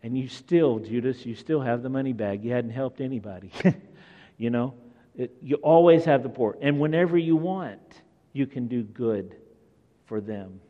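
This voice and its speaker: A man preaching a sermon, telling the story in an animated way and acting out the scenes. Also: medium pitch, normal speed, big-room sound, muffled recording.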